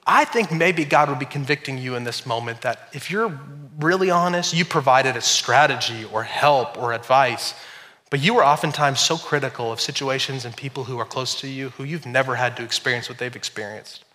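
A middle-aged man preaching a sermon as pastor, telling stories with animated, shouted quotes. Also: medium pitch, brisk.

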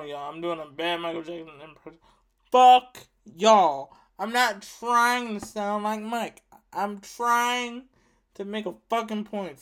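A man's voice: sits high, a bit bright. A man giving a casual rant to his viewers, emphatic and profane, repeating himself for effect. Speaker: vlogger.

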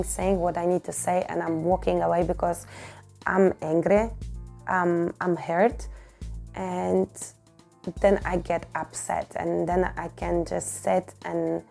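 A woman hosts her own podcast and speaks candidly and emotionally about her life. Her voice is mellow and gravelly, with frequent restarts and repeated words. Soft music plays faintly behind her. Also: fairly low pitch. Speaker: podcast host and fitness coach. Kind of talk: personal podcast monologue.

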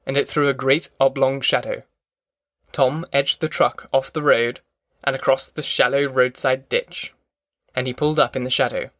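A man's voice: mid-range voice, a bit bright, no echo. Man reading an audiobook, dry sound. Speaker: audiobook narrator. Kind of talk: scripted narration.

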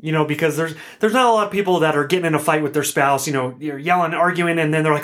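Earnest man chatting on a podcast, higher voice. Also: quick pace, hardly any pauses, a bit bright. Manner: earnest, chatty, restarts and self-corrections. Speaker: podcast host. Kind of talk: solo podcast talk, casual.

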